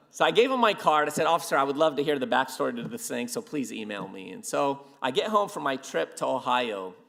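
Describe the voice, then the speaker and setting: A man speaking at a ministry event, telling a story in an animated way and acting out the quotes. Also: fairly high pitch. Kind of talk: storytelling sermon.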